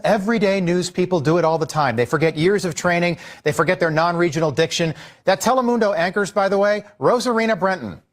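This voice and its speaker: A man giving exasperated opinion commentary as a news commentator. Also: sits high. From Irish heritage. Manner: exasperated, scolding.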